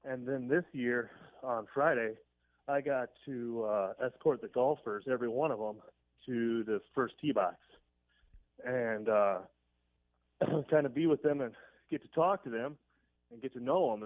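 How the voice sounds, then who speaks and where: A man's voice: medium pitch, moderate pace, dry recording. A man calling in to a radio show, telling a rambling, chuckling story full of fillers over the phone. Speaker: caller. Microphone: telephone. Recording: dry tinny phone line.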